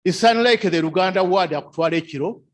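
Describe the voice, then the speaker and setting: This fast-talking man, whose voice sits high, gives a seminar lecture in a seminar room, circling back to key phrases, asking questions he doesn't expect answered, and chuckling often.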